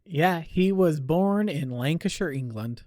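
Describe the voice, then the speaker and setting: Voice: mid-range voice, expressive, unhurried, warm tone, dry recording, studio quality. A podcast co-host chatting casually in a wry, joking way. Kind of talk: casual chat.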